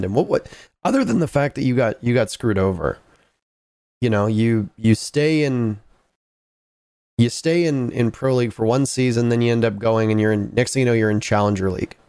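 A man's voice: mid-range voice, normal speed, a little mellow, smooth, dry recording, clean studio sound. A man interviewing a guest in a casual esports chat, rambling through long questions with many asides.

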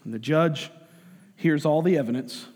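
A male pastor delivers a sermon in a relaxed, conversational way, throwing in jokes and acting out little voices. His voice sits a bit high, and a long reverb from a large hall trails his words. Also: moderate pace, slightly rough. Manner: conversational and joking, acts out voices.

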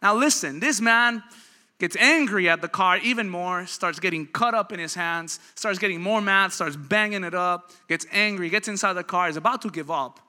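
During his sermon, a pastor in his thirties speaks at a normal speed in a high, very bright and tense voice. His preaching is dynamic, moving between quiet storytelling and loud, driving peaks while he acts out the people he describes.

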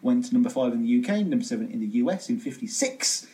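A man's voice: medium pitch, sing-song, fast talker, warm tone. A man co-hosting a music podcast, chatting casually with wry joking asides. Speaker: podcast co-host.

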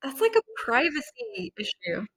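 A woman co-hosting a casual chat, reacting with giggles and expressive questions. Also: fairly high pitch, normal speed.

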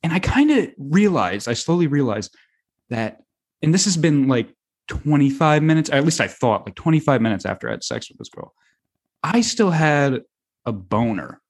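A young American man telling a rambling, animated story on a podcast, full of fillers and swearing. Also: fairly high pitch, normal speed. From United States. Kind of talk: casual storytelling.

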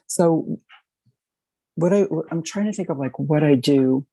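A middle-aged woman sharing her recovery story, speaking in an emotional, halting and reflective way. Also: low-pitched, warm tone, slightly rough, no room sound, low-quality recording. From Baltimore, Maryland. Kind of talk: personal sharing.

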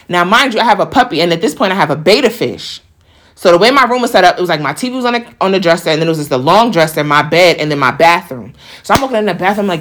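A woman's voice: fairly low pitch, quick pace. A young woman telling a story in a casual, profane way, acting out the voices of the people in it. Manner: animated, profane, acts out quoted voices.

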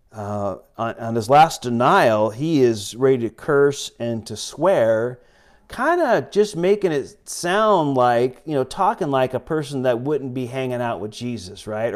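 A man giving an informal sermon in a church, conversational and rambling, with many fillers and restarts, reading and retelling scripture. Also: mid-range voice. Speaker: preacher.

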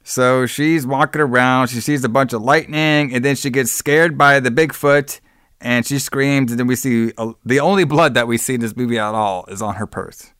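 A man's voice: medium pitch, fairly bright tone, smooth, dry recording, studio quality. A man co-hosting a podcast, recapping a movie in casual chat and sarcastically acting out bits of it. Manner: sarcastic, acts out characters in quick bits. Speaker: podcast co-host.

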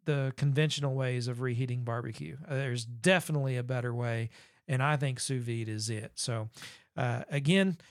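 A man's voice: mid-range voice, fairly even intonation, moderate pace, no room sound, clean studio sound. A man co-hosting a podcast, chatting in a folksy, rambling way with many fillers. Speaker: podcast co-host. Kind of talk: casual podcast chat.

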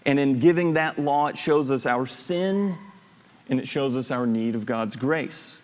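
A man with a medium-pitched, unhurried voice teaches a Bible class in a classroom or church hall full of students, the recording carrying a hall's long reverb. He explains things step by step, recaps lists, and poses questions to the class.

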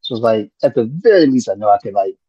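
A man's voice: fairly low pitch, expressive, fast talker, dark tone, husky, dry recording. A man in laid-back, rambling casual chat on a podcast, swearing freely. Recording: muffled lo-fi audio.

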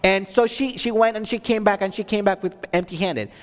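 High-voiced man preaching in a reverberant hall. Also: a little fast. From Texas. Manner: storytelling with many restarts and fillers, rising to emphatic preaching. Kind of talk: sermon testimony.

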